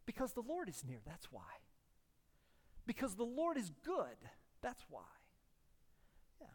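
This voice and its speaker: High-voiced emphatic preacher in a reverberant hall. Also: male voice, huge pitch swings, a little slow, long pauses. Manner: emphatic, repeats key phrases, swings from hushed to loud. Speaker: pastor. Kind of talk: sermon. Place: church sanctuary. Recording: long reverb of a large hall.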